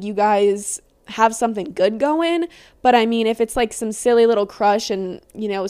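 A woman's voice: fairly high pitch, clean tone. Giggly, rambling young woman podcaster. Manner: rambling, giggly, swears freely. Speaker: podcast host. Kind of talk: casual chat.

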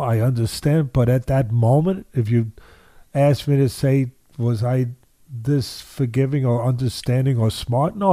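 A man's voice: mid-range voice, mellow, dry recording. Emphatic older man telling a story. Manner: emphatic storyteller, repeats phrases, acts out quoted voices. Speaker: boxing trainer guest. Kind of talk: storytelling interview.

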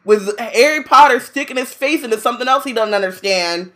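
A woman's voice: on the high side, animated, fairly quick, fairly bright tone. A woman chatting casually about a book, blunt and free with swearing. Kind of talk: casual chat.

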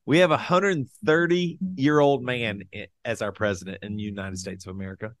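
A man's voice: medium pitch, fairly even intonation, normal speed, no room sound. A man hosting a podcast, chatting casually with rambling, jokey asides. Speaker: podcast host and touring musician.

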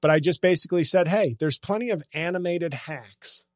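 A man's voice: fairly high pitch, moderate pace, no room sound, studio quality. Sarcastic man ranting on a podcast. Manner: sarcastic, ranting, self-mocking. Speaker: comedian podcast host. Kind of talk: casual comedy podcast chat.

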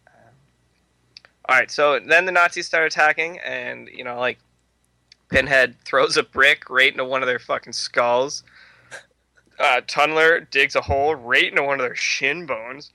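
Young podcast guy, super bright voice, crude jokey movie talk, dry close mic. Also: medium pitch, steady tone, moderate pace, pauses often, no echo. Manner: laughing, crude, riffing. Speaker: podcast co-host. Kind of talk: casual movie commentary podcast.

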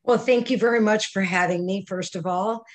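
Older woman telling animated stories. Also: medium pitch, moderate pace. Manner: animated storyteller acting out quoted voices. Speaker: psychic medium guest. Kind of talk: storytelling interview answers.

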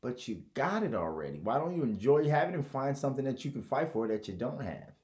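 Profane, rambling man with a lively voice. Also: medium pitch, fast. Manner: profane, rambling, mocking impressions. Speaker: podcast host. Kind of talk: casual podcast monologue.

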